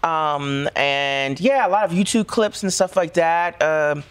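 A woman from central Pennsylvania, an actor chatting as a talk-show guest in a relaxed way with plenty of fillers. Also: low voice, a little slow, clear, resonant tone. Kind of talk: casual talk-show interview.

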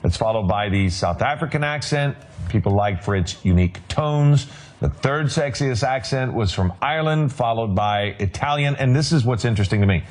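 A man's voice: medium pitch, animated, normal speed. Breezy male TV news presenter. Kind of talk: light news segment.

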